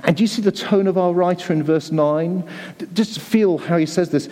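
A man's voice: on the high side, lively intonation, brisk, warm tone, in a large hall. A man preaching a sermon to a church congregation, earnest and pleading, often repeating words as he presses his point. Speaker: pastor.

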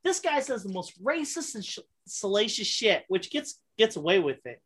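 Animated woman chatting casually. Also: mid-range voice, normal speed, husky. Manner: animated, many fillers and restarts. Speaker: podcast co-host. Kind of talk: casual chat.

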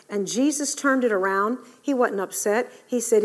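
A woman preaching a sermon, telling Bible stories in an animated way and acting out the voices of the people in them. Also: medium pitch, normal speed, few pauses.

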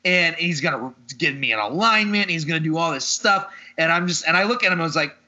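A man's voice: on the high side, lively intonation, a little fast, sharp tone, muffled recording. A man hosting a podcast who tells a story in casual chat, sounding exasperated and swearing freely as he retells it. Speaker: podcast host.

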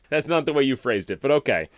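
A man co-hosting a podcast, telling game scenarios in an animated way and teasing his partner. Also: medium pitch, no room sound. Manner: animated storyteller, wry teasing. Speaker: podcast co-host. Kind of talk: casual chat about tabletop game scenarios.

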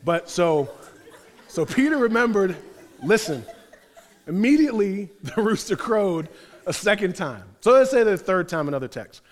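A man preaching a sermon in a high, bright voice, telling the story in a loose, slangy, conversational way. His voice carries a long reverb, as in a large church sanctuary. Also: big pitch swings, moderate pace.

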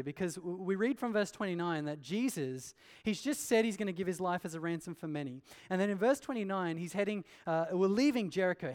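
A man's voice: sits high, darkish tone. A man preaching an earnest sermon, asking rhetorical questions and pressing his points with emphasis. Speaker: pastor. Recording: long hall reverb.

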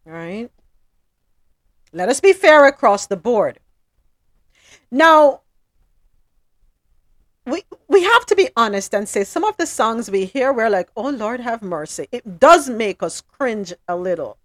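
A woman with a Jamaican accent co-hosting a podcast, commenting on the news in an animated, emphatic way and slipping into patois. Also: fairly high pitch, normal speed, no echo, clean studio sound. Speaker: podcast co-host.

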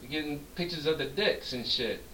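A man's voice: fairly high pitch, brisk. A man co-hosting a podcast, telling a long profane story and acting out the dialogue in it. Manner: animated, profane, acts out quoted dialogue. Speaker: podcast co-host. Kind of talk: drunk storytelling chat. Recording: echoey room, distant mic, faint hiss.

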